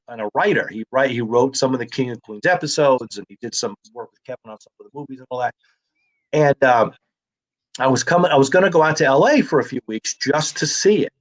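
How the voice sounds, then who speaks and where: A middle-aged man, a comedian and actor, telling anecdotes in a casual interview and acting out the voices of others. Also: medium pitch.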